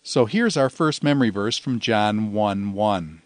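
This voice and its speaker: A man teaching a grammar lesson in a measured way, pausing often and drawing out phrases so listeners can repeat them. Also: fairly low pitch, expressive, no room sound. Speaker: Greek teacher. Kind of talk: slow, deliberate grammar lecture.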